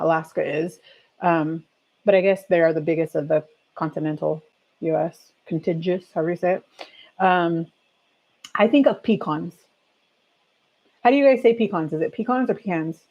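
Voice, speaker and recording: A woman's voice: medium pitch, a little mellow, highs cut off. A woman hosting a casual chat stream. She reads aloud, reacts with strong opinions, laughs often and talks straight to her viewers. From California. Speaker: livestream host.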